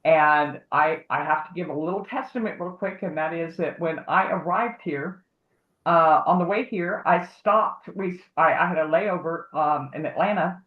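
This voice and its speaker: A woman's voice: deep voice, moderate pace. Rambling woman on a tinny, echoey line. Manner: rambling storyteller who acts out quoted voices. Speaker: guest, advocate for harassment victims. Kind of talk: casual livestream talk. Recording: tinny phone-like echoey audio.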